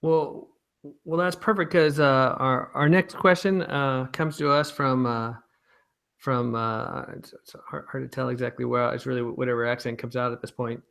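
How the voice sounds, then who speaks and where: A man's voice: mid-range voice, fairly even intonation, normal speed, vocal fry, a bit bright. A man with a twangy voice, from Pittsburgh, reading audience questions in a rambling, playful way. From Pittsburgh, USA.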